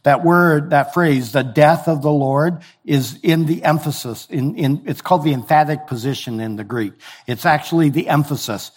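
Male pastor, sermon delivery, relaxed conversational teaching voice, a touch high. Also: moderate pace, husky. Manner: conversational, explains with everyday examples and reads scripture aloud.

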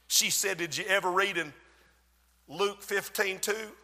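A male preacher with a bright, forceful voice pitched a little high, delivering a dramatic sermon. He swells loud and drops soft, drawing out key words, and the sound rings with a long hall reverb. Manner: dramatic, swells and drops in loudness, slows for emphasis.

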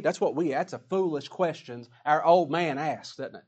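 A man preaching a sermon emphatically, swinging between loud declarations and hushed asides. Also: a little high, normal speed, hardly any pauses.

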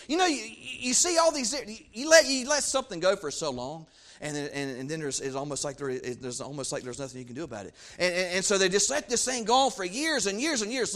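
A man preaching a sermon, fervent and repetitive, swinging from low asides to loud emphatic peaks. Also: fast talker. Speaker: pastor.

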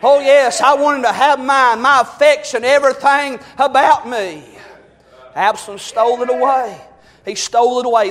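A man preaching a fervent sermon, rising to shouts. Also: extremely high pitch, steady tone, normal speed, in a large hall.

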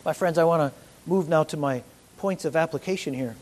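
A man preaching a sermon to a congregation, earnest and rising to loud, emphatic peaks. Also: a little high, a little fast. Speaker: pastor.

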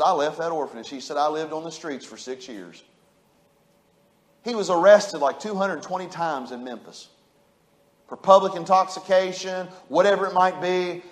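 A man, preaching a sermon and telling a story, swinging from loud urging to hushed storytelling. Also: fairly high pitch. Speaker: pastor.

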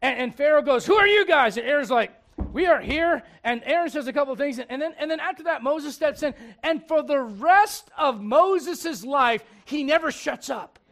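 A male pastor preaching a sermon, animated and humorous, with laughing asides and acted-out quotes. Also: extremely high pitch, moderate pace, hardly any pauses.

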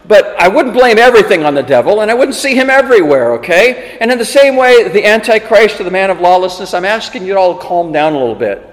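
High-pitched guy preaching, emphatic and chatty, long hall echo on everything. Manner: animated, emphatic, conversational asides. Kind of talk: sermon.

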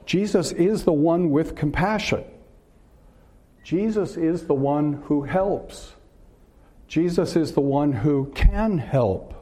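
A man preaching a sermon in an earnest way, asking rhetorical questions and pausing on filler words. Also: on the high side, expressive, mellow.

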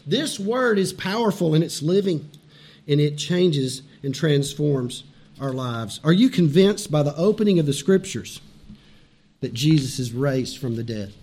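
In a high, bright, slightly rough voice, a male pastor preaches with animation and laughs along with what he's saying. At times he drops to a hushed, intense tone, repeating phrases to make them stick.

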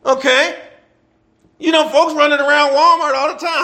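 A man's voice: very high-pitched, moderate pace. A middle-aged man preaching a sermon in a folksy way, asking the congregation rhetorical questions and laughing between points. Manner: animated preaching, rhetorical questions, call and response.

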